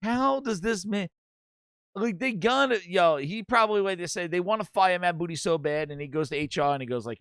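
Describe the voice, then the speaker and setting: A man hosting a gaming show in casual comedic chat, excitable, joking, and profane. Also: high voice, a little fast, smooth, no echo, clean studio sound.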